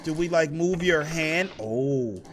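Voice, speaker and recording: A man playing a video game, commenting to viewers in a chatty, excitable way and talking back to the game. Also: on the high side, slow, a little hiss or hum. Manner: excitable, talks to the game, rises to loud outbursts. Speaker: gaming YouTuber. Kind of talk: let's play commentary. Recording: music from the game behind the voice.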